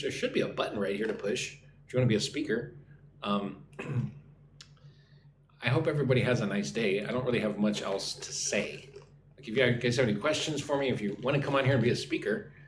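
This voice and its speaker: Chatty American man in a roomy space. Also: mid-range voice. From United States. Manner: chatty, reads viewer comments aloud and answers them. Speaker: online English teacher. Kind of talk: casual live-stream chat. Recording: roomy sound with faint ambient noise.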